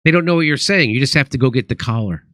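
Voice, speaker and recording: A man's voice: mid-range voice, animated, fast talker, fairly bright tone, no echo. A man hosting a comedic talk show, telling stories and acting out both sides of a conversation. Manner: storytelling with acted-out quotes. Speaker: host.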